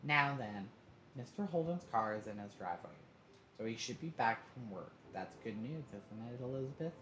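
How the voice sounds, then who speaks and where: No-nonsense mother, voiced by a man, firm and brisk, faint background noise. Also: medium pitch, animated, fairly bright tone, lightly acted. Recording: roomy echo, faint noise.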